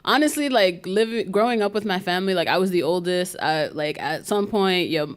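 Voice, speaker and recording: Lively Bronx Dominican woman storyteller. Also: lowish voice, fairly quick. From Bronx, New York. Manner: lively storyteller, laughs often. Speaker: podcast co-host. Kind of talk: live podcast chat.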